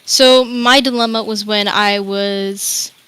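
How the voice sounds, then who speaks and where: Smooth-voiced young woman telling a personal story. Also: mid-range voice, steady tone, slow pace, fairly bright tone, no echo, rough recording. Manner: rambling, emotional, swears freely. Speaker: interview guest.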